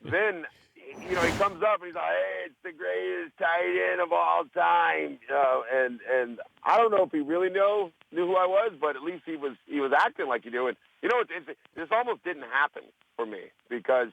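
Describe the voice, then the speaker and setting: A man's voice: on the high side, lively intonation, a little fast, dry recording, phone-quality sound. A man guesting on a radio show, telling stories in a rambling, self-interrupting way while hungover.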